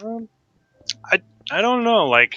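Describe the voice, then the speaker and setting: A man's voice: high-pitched, very animated, slow pace, bright, forceful tone, no room sound, muffled recording, faint music behind. A man playing a game with friends, telling a rambling story in a casual, laid-back way. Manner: rambling, lots of fillers and restarts, laughs. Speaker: co-player.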